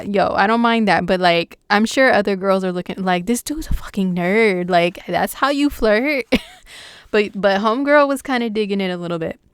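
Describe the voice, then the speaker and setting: A young woman astrologer chatting casually about the week's horoscope in an excitable, slangy way. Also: mid-range voice, clean tone, dry recording, clean studio sound.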